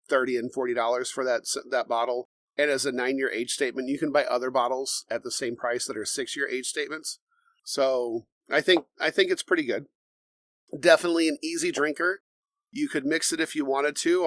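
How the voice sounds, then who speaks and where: Male co-host, medium pitch, steady explanatory delivery, dry close sound; bourbon talk show. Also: no room sound. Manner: measured, explanatory, reads tasting notes aloud. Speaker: podcast co-host. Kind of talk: casual bourbon tasting chat.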